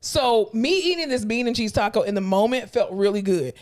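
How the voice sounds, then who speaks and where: A woman's voice: on the high side, brisk, darkish tone. A woman co-hosting a podcast, telling blunt, profane work stories with laughing asides in casual chat. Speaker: podcast co-host.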